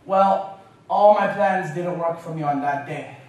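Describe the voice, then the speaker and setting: A man giving a university talk, telling an animated, self-mocking story. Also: fairly high pitch, a little slow. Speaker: guest speaker. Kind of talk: lecture storytelling. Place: university lecture room. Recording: echoey lecture hall from far off.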